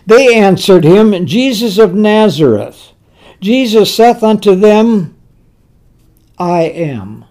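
A man preaching a sermon, slow and emphatic, repeating words for stress. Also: high voice, lively intonation, a little mellow.

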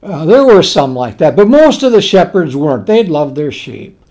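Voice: medium pitch, sing-song, moderate pace, a little mellow. A preacher delivering a sermon on a parable in a folksy, conversational way, repeating key words for emphasis.

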